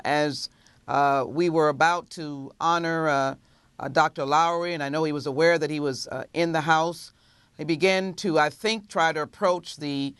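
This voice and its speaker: A congresswoman answers a television interview question in a measured way, pausing often with filler as she gathers her words. Her voice is deep and clean, recorded close and dry with no room sound at all.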